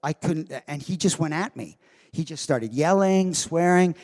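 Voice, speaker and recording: Man, convention guest storyteller, acts out quotes, fairly high voice, long hall echo. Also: normal speed. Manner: animated storyteller who acts out quoted lines. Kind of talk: anecdote told to a live audience. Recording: long reverb of a large hall.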